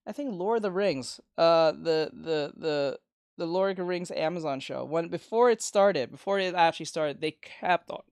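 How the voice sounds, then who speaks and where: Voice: medium pitch, no echo, clean studio sound. An art streamer chatting casually while drawing, rambling and swearing with many restarts.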